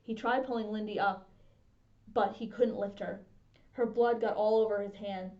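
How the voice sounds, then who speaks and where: A woman's voice: medium pitch, normal speed. Woman reading a storybook aloud. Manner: steady expressive reading. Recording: dull lo-fi sound.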